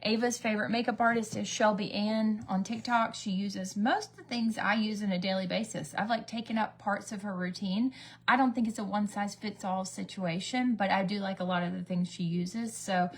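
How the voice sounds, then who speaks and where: Chatty husky-voiced woman vlogger. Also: medium pitch, fairly even intonation, a little fast. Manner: rambling, gossipy, acts out quoted voices. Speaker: beauty vlogger. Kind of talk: chatty get-ready-with-me storytelling.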